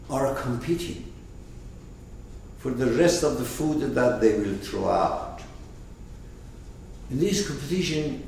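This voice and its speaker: A man teaching through an animated story, asking his listeners questions, in an echoey room from a distance. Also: mid-range voice, a little hiss or hum. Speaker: teacher of a spiritual lesson. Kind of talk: storytelling lesson. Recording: echoey room, far from mic.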